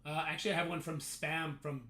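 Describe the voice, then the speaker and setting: A man's voice: fairly high pitch, flat delivery, fairly quick, pushed and bright. A man streaming a game live and talking to his chat in an exasperated rant, swearing heavily. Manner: exasperated ranting, heavy swearing. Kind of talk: livestream talk to chat.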